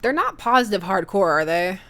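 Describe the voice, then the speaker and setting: A woman's voice: mid-range voice, big pitch swings, normal speed, fairly bright tone. A woman voicing a sarcastic teenage daughter who teases her father, in a dry mocking tone, while reading a dating game aloud. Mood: teasing.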